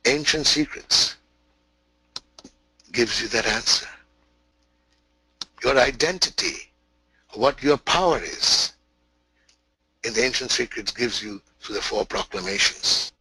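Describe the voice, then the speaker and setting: A man gives a spiritual webinar and tells a parable, speaking emphatically and often repeating or restarting his phrases. His pace is slow, and his voice is bright and forceful. The sound is close and dry. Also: mid-range voice, husky, dry recording, low-quality recording. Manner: emphatic, repetitive, many restarts. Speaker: spiritual teacher. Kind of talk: webinar teaching with storytelling.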